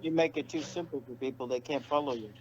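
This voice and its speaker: A man's voice: mid-range voice, fast talker. Wry man cutting in on a hissy line. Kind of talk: casual interview talk. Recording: dull lo-fi audio with audible hiss.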